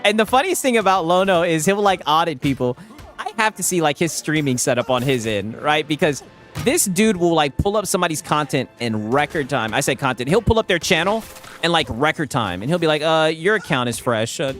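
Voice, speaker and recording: A man's voice: on the high side, very animated, fairly quick, a bit bright, soft background music. A man chatting casually on a stream, telling stories with frequent laughter and swearing.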